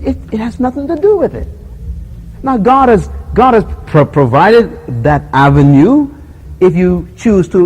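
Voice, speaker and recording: A man's voice: sits high, slightly rough, low-quality recording. A man preaching a sermon on love in a conversational way, acting out little scenes, chuckling often and asking his listeners questions. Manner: animated storytelling, acts out scenes and quotes; chuckles often while making points.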